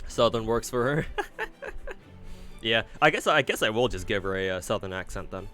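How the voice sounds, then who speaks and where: A man's voice: lowish voice, animated, moderate pace, sharp tone, soft background music. Laid-back self-mocking guy. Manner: laughing, self-mocking, swears casually. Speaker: streamer reading a game aloud. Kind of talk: casual commentary.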